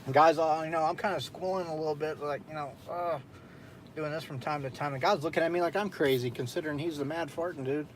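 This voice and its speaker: A man's voice: on the high side, steady tone, fast, slight background noise. A young man hosting a casual late-night stream, telling a story in a loose, profane way with frequent laughs. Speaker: streamer host.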